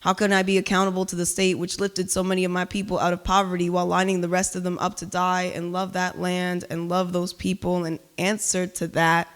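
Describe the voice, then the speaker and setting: Intense woman poet, smooth clear voice. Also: on the low side, completely flat delivery, fairly quick, hardly any pauses. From Cuba. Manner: loud, emphatic, intense delivery. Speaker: spoken word poet. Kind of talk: spoken word poetry performance with chatty asides. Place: live reading at an art gallery.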